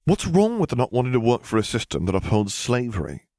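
A man's voice: medium pitch, huge pitch swings, fairly quick, dark tone, no echo, voice pushed up. A man voicing Zev, a sassy, curious young man with a dry, teasing way of talking.

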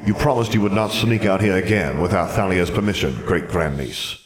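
A man's voice: deep voice, sing-song, quick pace, a crowd in the background. A man voicing a stern young officer's ghost. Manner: stern, formal.

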